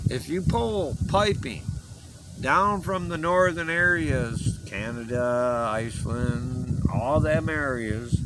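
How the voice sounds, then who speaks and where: A man's voice: mid-range voice, noisy background. A man delivering an impassioned, rambling personal message to his viewers, earnest and emotional, pleading with them to listen. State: choked up. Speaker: vlogger.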